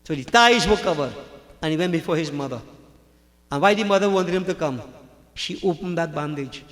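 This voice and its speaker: A man's voice: a little high, expressive, brisk, a bit bright. A man preaching a sermon, telling scripture stories dramatically and acting out the characters. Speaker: pandit preacher. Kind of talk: sermon storytelling. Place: large hall at a religious gathering. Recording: long reverb of a hall.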